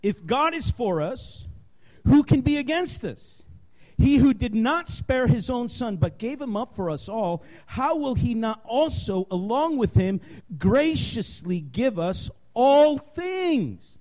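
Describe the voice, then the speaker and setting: High-pitched, animated male preacher. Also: slow pace. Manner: impassioned, emphatic, building to shouts. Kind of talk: sermon.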